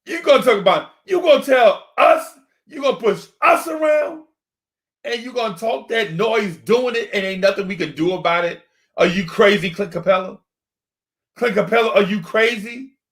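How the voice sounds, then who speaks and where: A man hosting a sports fan talk stream into a desk microphone. He rants in an animated, repetitive way and keeps yelling the same rhetorical questions. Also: high voice, moderate pace. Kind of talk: live-streamed fan rant.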